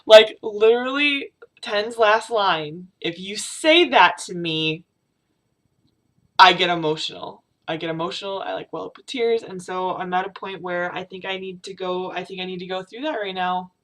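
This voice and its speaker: A young woman vlogging about her feelings, on the verge of tears, talking haltingly with many fillers and restarts. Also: on the low side, a bit bright. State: tearful, on the verge of crying. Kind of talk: personal confessional vlog.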